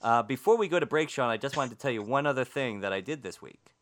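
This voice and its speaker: A man's voice: mid-range voice, expressive, fast talker. A man co-hosting a paranormal talk radio show, chatting casually and a bit rambling, often stumbling over his words.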